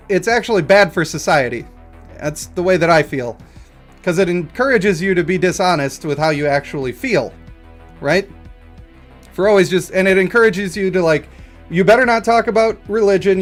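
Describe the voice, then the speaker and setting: Chatty man with a raised voice. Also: fairly high pitch. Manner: rambling, chatty, laughs often, breaks into loud bursts. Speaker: game streamer. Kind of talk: casual live-stream chat.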